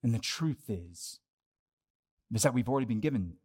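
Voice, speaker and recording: A young adult pastor with a husky, mid-range voice preaches at a moderate pace. His sermon is conversational, shifting between lively asides and hushed, earnest points.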